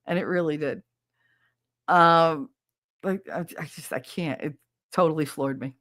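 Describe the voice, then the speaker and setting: A woman's voice: deep voice, unhurried, long pauses, no echo, clean studio sound. Laughing, profane New woman host. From North Jersey. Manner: chatty, laughs a lot, swears casually. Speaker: podcast host. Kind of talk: casual chat reading live comments.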